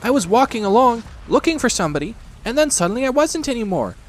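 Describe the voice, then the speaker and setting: A man voicing a tiny, timid young male piglet with a high, squeaky, trembling voice. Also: very animated, fast talker, heavily acted. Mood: nervous.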